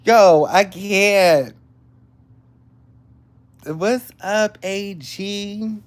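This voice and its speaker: A woman, hosting a casual livestream and chatting excitedly with viewers. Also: mid-range voice, extremely slow. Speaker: livestream host.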